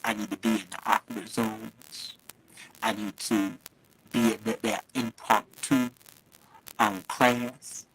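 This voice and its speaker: In poor audio, a man with a fairly low, steady voice speaks slowly and pauses often. He hosts a casual live stream, talking straight to viewers through a phone mic held too near at first, chatty and affectionate with frequent laughter.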